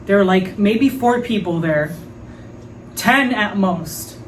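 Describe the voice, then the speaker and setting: A woman hosting a podcast, telling a story in a frank, animated way, with lots of fillers and some swearing. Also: medium pitch, slow pace, recorded from a distance, a little hiss or hum, poor audio. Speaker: podcast host. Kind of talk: casual storytelling monologue.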